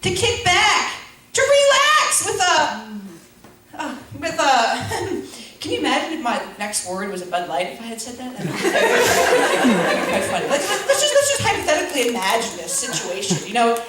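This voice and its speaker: A woman's voice: a little high, wildly swooping pitch, moderate pace, hardly any pauses, noisy background. A young woman performing a stand-up comedy set, rambling through her jokes with lots of fillers and self-deprecating asides. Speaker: stand-up comic. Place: school auditorium before a laughing audience. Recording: echoey hall from far off.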